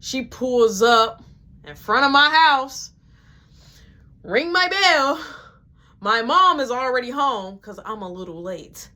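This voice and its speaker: A woman's voice: sits high, expressive, slow pace, long pauses, pushed and bright. A woman telling a personal story in a casual, slangy way with swearing.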